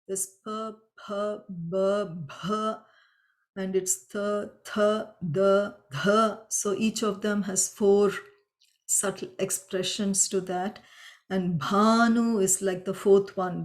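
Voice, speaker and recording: Slow, patient woman teaching a chant. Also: medium pitch, a little mellow. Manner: patient, explains pronunciation step by step; chants mantras slowly and drawn out. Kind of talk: slow spoken lesson with chanting.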